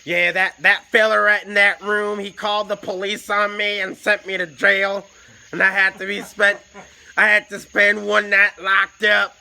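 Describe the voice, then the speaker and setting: A twitchy meth head with a thick Southern drawl, put on by a storyteller, loud and blunt, pitched up above an everyday voice. His tone is bright and hard-edged. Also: completely flat delivery, moderate pace, creaky, a little hiss or hum, heavily acted, poor audio. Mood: aggrieved.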